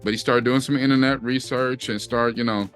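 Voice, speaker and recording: A man's voice: mid-range voice, steady tone, a little fast, fairly bright tone, soft background music. A middle-aged man, co-hosting a casual chat and acting out quotes as he tells a story. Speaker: co-host.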